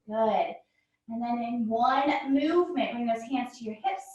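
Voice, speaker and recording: A woman's voice: on the high side, measured pace, a little mellow, highs cut off. Yoga teacher lady, kinda out of breath, cheering on with lots of "good", sounds far from the mic. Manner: encouraging cues, frequent "good". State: a little out of breath. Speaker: yoga instructor. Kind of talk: guided yoga class instruction. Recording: echoey room, voice from far off.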